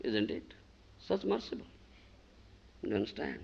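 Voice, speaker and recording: Emphatic male preacher giving a devotional sermon, gravelly, animated delivery. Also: medium pitch, a little slow, dull audio. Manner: emphatic, keeps asking if listeners understand. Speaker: spiritual teacher.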